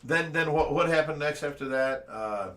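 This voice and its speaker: A man from Ohio hosts a relaxed live stream and tells stories in an animated way, laughing often. His voice is bright and forceful and sits a little high. He sounds set back from the microphone. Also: moderate pace, far from the mic. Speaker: show host. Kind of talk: casual live-stream chat.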